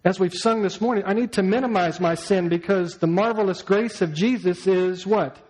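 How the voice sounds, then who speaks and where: A man's voice: sits high, normal speed, darkish tone, poor audio. A male pastor preaching a sermon, telling a story and asking the congregation questions.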